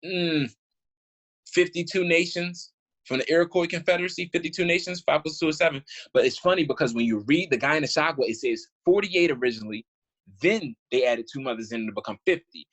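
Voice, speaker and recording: A man's voice: a little high, fairly quick, fairly bright tone, low-quality recording. A man doing casual, indignant commentary as he reads old documents aloud, rambling and restarting, with informal speech full of "y'all". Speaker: online commentator.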